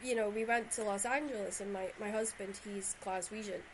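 A woman's voice: mid-range voice, steady tone, brisk, a little hiss or hum, rough recording. A woman from Shetland with a Scottish accent, hosting a podcast and chatting in long rambling runs. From Shetland, Scotland. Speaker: podcast host. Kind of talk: casual conversational interview.

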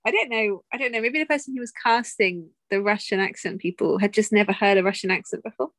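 A woman's voice: mid-range voice, fast, a bit bright, dry recording. A woman co-hosting a podcast, chatting casually about a film, teasing and laughing often. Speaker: podcast co-host. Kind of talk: casual film review chat.

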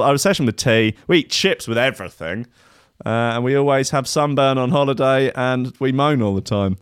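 A man's voice: mid-range voice, clear, resonant tone, no echo, studio quality. An English man, a young adult, giving casual sarcastic commentary and swearing as he reads out a list. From England. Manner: sarcastic, swearing, laughs at own jokes.

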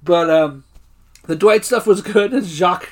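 A man's voice: sits high, unhurried, crowd noise. Man animatedly recapping episodes. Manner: animated retelling, quoting scenes with laughs. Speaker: podcast co-host. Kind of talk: casual recap chat.

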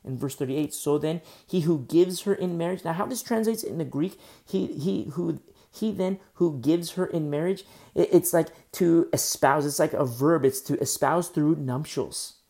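Male preacher, gravelly fry, repeats phrases, asks rhetorical questions. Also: a little high, moderate pace, mellow. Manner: teaching verse by verse, repeating key phrases for emphasis. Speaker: pastor. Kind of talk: sermon.

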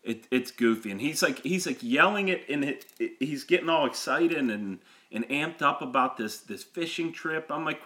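A man co-hosting a podcast, telling a story in casual chat, animated and laughing, repeating words when excited. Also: fairly high pitch, moderate pace, hardly any pauses. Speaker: podcast co-host.

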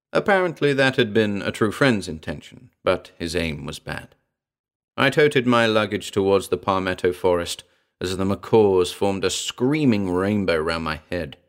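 A man's voice: lowish voice, lively intonation, moderate pace. A man narrating a comic pulp story in a dry, wry storytelling manner.

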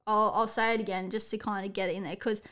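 A woman's voice: mid-range voice, fast talker. A young woman, a coach talking bluntly and energetically in a casual motivational podcast monologue. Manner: blunt, energetic, tells it how it is. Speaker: athletics coach and podcast host.

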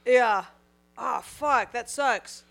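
A woman co-hosting a comedy podcast, dropping quick sarcastic jokes into a guest's story. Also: fairly high pitch, gravelly, a bit bright. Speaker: podcast co-host. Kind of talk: casual comedy chat.

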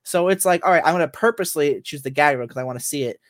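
A man's voice: a little high, very fast, fairly bright tone, no room sound. Rambling man on a dry close mic. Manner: rambling, many fillers and restarts. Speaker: podcast co-host. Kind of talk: casual chat about games and anime.

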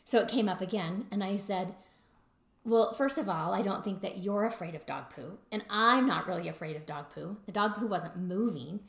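A woman's voice: medium pitch, brisk, gravelly, hardly any pauses, fairly bright tone, reverberant. A woman telling a personal story in a reflective talk about trauma and choice, conversational and full of fillers. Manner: conversational, many fillers, mimics her husband in quotes.

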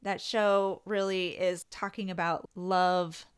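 A woman from Northern California co-hosting a podcast, bubbly and quick to laugh. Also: lowish voice, flat delivery, clear, resonant tone, soft background music. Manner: bubbly, laughs often, enthusiastic. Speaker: podcast co-host. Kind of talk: casual podcast chat.

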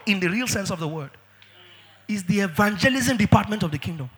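A man preaching a sermon as pastor, emphatic, with sudden shouts and drawn-out words. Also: high-pitched, expressive, long reverb tail.

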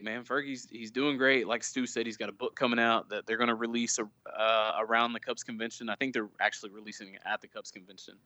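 A man telling stories on a casual podcast, with a bright, forceful edge to his voice. He retells conversations with lively quoted lines. The sound is dry and close. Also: medium pitch, no room sound. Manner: storytelling, animated retelling of quotes. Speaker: guest, fan club leader.

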